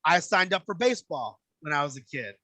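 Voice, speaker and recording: In a casual, foul-mouthed storytelling chat, a man keeps a brisk pace and animates his tales by voicing the people in them. He sounds bright and forward, slightly high for a man, recorded dry and close with no room sound.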